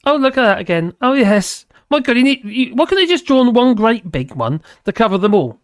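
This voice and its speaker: A man's voice: very high voice, sing-song, fairly quick, smooth, dry recording, studio quality. A man hosting a live stream, chatting casually with viewers and rambling between topics while laughing often.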